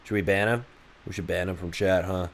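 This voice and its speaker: A man from Idaho streams his game development and chats with viewers. He jokes around and swears freely. His voice sits a little low. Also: steady tone, fairly quick. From Idaho, USA. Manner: profane, joking banter with chat. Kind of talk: casual livestream chat.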